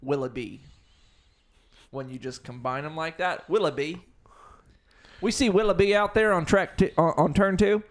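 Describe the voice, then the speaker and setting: A man's voice: high voice, a little fast, hardly any pauses. A man co-hosting a podcast in casual chat, playfully repeating jokes for effect. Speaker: podcast co-host.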